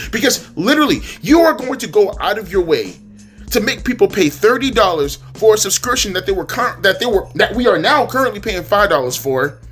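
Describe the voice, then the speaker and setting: A man's voice: high voice, a bit bright. Man, heated profane rant, exasperated, stammering repeats, faint background music. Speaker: wrestling commentary youtuber. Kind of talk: ranting commentary monologue.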